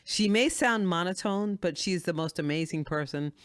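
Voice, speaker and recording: A woman's voice: on the low side, normal speed. A woman hosting a podcast, effusive and affectionate, laughing often. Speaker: podcast host. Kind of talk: casual podcast chat.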